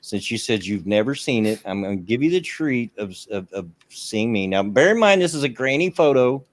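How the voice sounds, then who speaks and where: A man's voice: medium pitch, animated, normal speed. A man, hosting a livestream chat in a folksy, rambling, self-deprecating way. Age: 60s. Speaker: stream show host.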